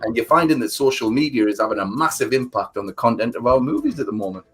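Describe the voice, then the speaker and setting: Husky man, rambling chat. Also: mid-range voice, fast. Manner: rambling, animated storytelling, many fillers. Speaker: livestream co-host. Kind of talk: casual livestream chat.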